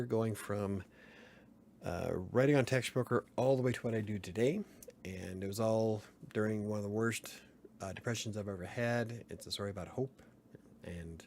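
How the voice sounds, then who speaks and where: Low-pitched male streamer, loose rambling chat, chuckles often, faint room hum behind. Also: a little mellow. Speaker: livestream host. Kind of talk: casual late-night livestream chat.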